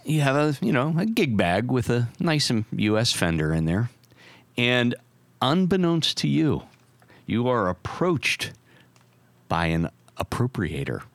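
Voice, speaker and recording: A man's voice: mid-range voice, very animated, a little slow, no room sound. A man hosting a podcast, telling a long, silly game scenario in a playful, casual way. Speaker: podcast host. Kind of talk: casual storytelling chat.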